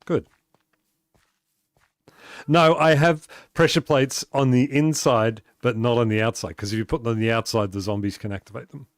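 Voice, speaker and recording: A man's voice: mid-range voice, moderate pace, dry recording. Chatty male game streamer, dry close mic. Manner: chatty, laughs often, reads and answers chat aloud. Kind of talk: casual live-stream chat while playing.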